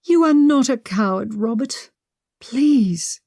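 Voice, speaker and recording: A woman's voice: a little high, animated, takes it slowly, warm tone, no echo, studio quality, pitched above the performer's own voice, full character voice. A woman voicing an anxious young duchess in a period audiobook, earnest and pleading.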